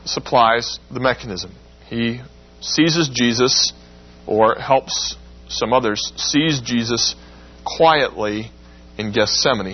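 A man teaching a Bible class, lecturing in a lively way and acting out quoted lines. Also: breathy edge, lo-fi sound. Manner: animated, acts out quotes with rising pitch.

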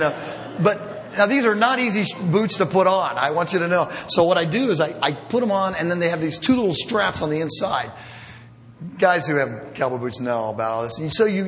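A man's voice: high-pitched, animated, brisk, a bit bright. A middle-aged man preaching a sermon as pastor, conversational and self-deprecating, with humorous asides. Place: church sanctuary. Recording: long reverb of a church hall.

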